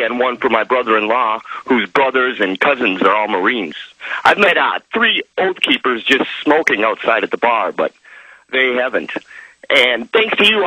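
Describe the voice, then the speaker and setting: A man's voice: mid-range voice, sharp tone, dry recording. A man from Minnesota calling in to a radio show, eager and rambling as he tells a story. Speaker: caller. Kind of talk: excited phone-in call. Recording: husky phone line.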